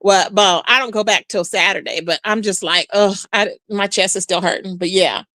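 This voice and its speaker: A woman's voice: medium pitch, normal speed, no room sound. A woman hosting a live stream, chatting casually with viewers and reacting to comments with lots of "child". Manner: chatty, animated, says "child" often.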